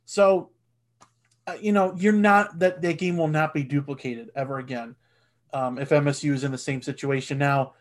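A man in his thirties co-hosting a casual sports podcast, animated and swearing, and he gets loud when excited. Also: on the high side, moderate pace. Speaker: podcast co-host.

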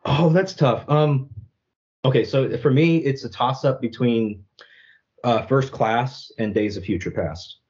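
A man's voice: mid-range voice, a little slow, a little mellow, dull audio. A young Catholic apologist man, speaking earnestly and thoughtfully in an interview, often adding "right?" and "you know". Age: young adult. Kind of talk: reflective interview conversation.

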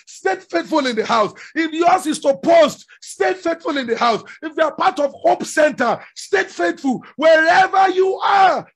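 A man preaching a sermon with passion, often shouting. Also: very high voice. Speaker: pastor.

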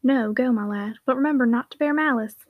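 A woman voicing a gruff but kindly older father who speaks bluntly and soothes his sons. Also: high voice, a little fast, no room sound, phone-quality sound. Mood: fatherly.

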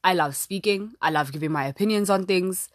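A woman's voice: on the low side, a little fast, no echo, clean studio sound. A young woman hosting her first solo podcast, chatty and dramatic, full of "like" fillers. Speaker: podcast host. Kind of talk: casual solo podcast chat. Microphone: phone app recording.

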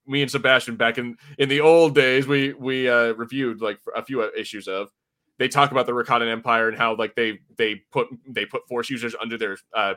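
Bright-voiced rambling male podcaster. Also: mid-range voice. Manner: rambling, lots of fillers and restarts. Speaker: podcast co-host. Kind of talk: casual podcast review chat.

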